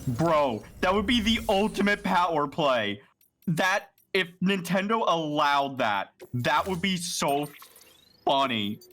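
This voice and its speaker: Guy hosting a stream, bright lively voice, rambles and swears a lot, faint music. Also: fairly high pitch, takes it slowly. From United States. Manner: animated, profane, rambling. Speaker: streamer host. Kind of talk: casual gaming stream chat.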